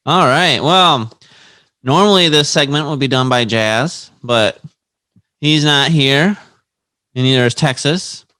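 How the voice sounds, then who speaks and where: A man co-hosts a laid-back podcast. His voice sits at an ordinary pitch and he chuckles between the lines he reads. The room sounds close and dry, with no echo. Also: slow pace, long pauses, bright, forceful tone. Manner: laughs between reading quotes aloud. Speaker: podcast co-host. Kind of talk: casual podcast banter.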